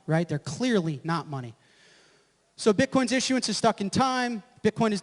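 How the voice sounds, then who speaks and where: A man giving a live presentation at an event, brash and profane, who keeps checking with the audience. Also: sits high. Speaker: conference presenter. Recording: echoey hall with long reverb.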